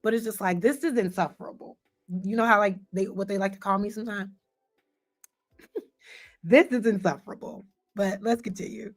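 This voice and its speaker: A woman hosting an online commentary show, reacting to a panel clip in an animated, emphatic way and speaking to her chat. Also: medium pitch, moderate pace, long pauses, faint music behind. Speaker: commentary host.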